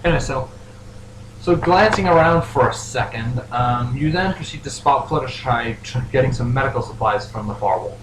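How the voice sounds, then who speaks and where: A man's voice: medium pitch, normal speed. A man narrating a pony role-play as game master, rambling with fillers. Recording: echoey room with faint noise.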